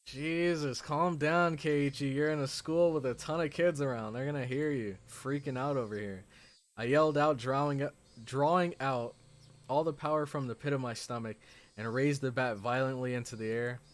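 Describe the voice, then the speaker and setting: A man streaming a visual novel, reading its text aloud and chatting excitedly between passages with frequent "like" fillers. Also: mid-range voice, moderate pace. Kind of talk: reading game text aloud with casual commentary.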